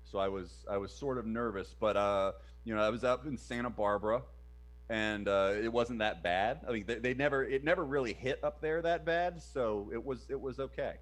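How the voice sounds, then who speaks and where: A man in his thirties co-hosting a casual chat show, relaxed and hesitant, with many pauses and fillers. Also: medium pitch. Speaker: podcast co-host.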